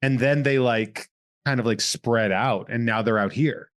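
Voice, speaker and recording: A man from Massachusetts hosting a podcast, chatting casually and cracking quick jokes. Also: medium pitch. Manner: joking, quick interjections. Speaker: podcast host. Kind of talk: casual chat.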